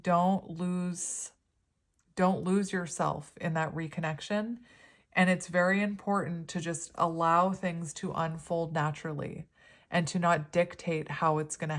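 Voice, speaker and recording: Woman, 30s, tarot reader. Gentle, meandering, slightly low voice. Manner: gentle, rambling, spiritual. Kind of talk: pick-a-card tarot reading.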